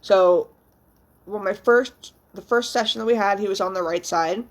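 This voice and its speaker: A woman's voice: mid-range voice, moderate pace. A young woman vlogging as a new mother, talking candidly and emotionally, rambling with frequent ums and casual swearing. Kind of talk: casual, candid vlog chat.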